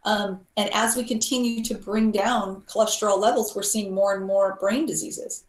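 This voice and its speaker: A woman's voice: mid-range voice, fairly even intonation, moderate pace. A woman guest on a health talk show, earnestly explaining health points. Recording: roomy echo.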